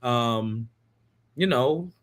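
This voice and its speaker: A man's voice: mid-range voice, animated, fairly bright tone. A man co-hosting a casual recap chat, talking in loose, laughing asides. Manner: chatty, laughing, drawn-out asides. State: yawning. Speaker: podcast co-host.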